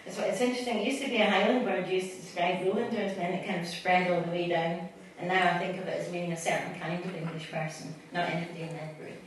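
A fast-talking Scottish poet with a lowish voice and fairly even intonation reads her poems to a live audience, chatting between pieces. Background noise is present, and the far-off mic catches a reverberant hall.

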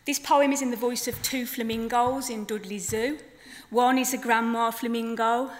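A woman's voice: a little high, moderate pace. A woman poet with a Black Country accent, chatting to a live audience between poems in a chatty, self-deprecating way. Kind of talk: live poetry reading with chat. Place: festival venue. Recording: long hall reverb.

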